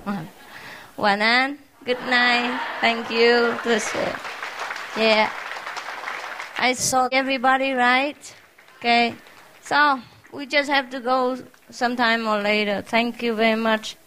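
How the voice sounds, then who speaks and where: A woman's voice: fairly high pitch, flat delivery, slow pace, pushed and bright, a faint crowd, a little hiss or hum, poor audio. A woman spiritual teacher giving an informal farewell talk to her followers, speaking simple English that is not her first language and laughing often in an affectionate, teasing way. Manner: simple, non-native English phrasing.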